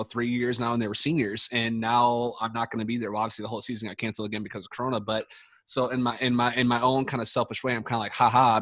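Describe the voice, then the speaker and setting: A man talks quickly and loosely in a casual podcast, piling up fillers, false starts and swearing as he tells his story. The room is dry, close and without echo. His pitch sits at a middling level for a man. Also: a bit bright. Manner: rambling, profane, many fillers and restarts. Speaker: podcast speaker, sports coach.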